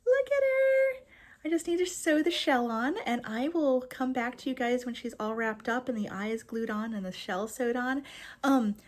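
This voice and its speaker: A woman's voice: on the high side, normal speed. A woman talking chattily through her crochet project in a casual crafting vlog, upbeat and with frequent fillers. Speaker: crochet pattern designer.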